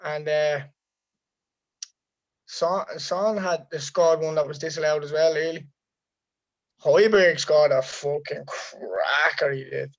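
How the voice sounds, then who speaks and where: A man's voice: fairly high pitch, fairly even intonation, slow, long pauses. A man co-hosting a casual football podcast, opinionated and swearing often. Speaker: podcast co-host. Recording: dull lo-fi sound.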